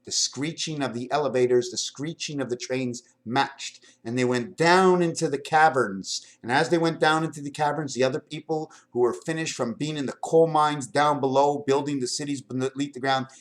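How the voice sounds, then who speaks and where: A man's voice: medium pitch, moderate pace, few pauses. An older man talking to his camera in a home vlog, rambling from one topic to the next and showing things as he goes. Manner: wandering stream-of-consciousness talk, jumping between topics; shows items to the camera while talking. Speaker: vlogger.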